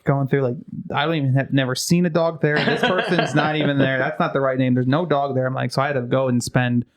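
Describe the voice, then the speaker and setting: A man's voice: mid-range voice, steady tone, quick pace. A man co-hosting a podcast, telling rambling stories about his mail route and chuckling between remarks. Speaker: podcast co-host and mail carrier. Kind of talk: casual chat.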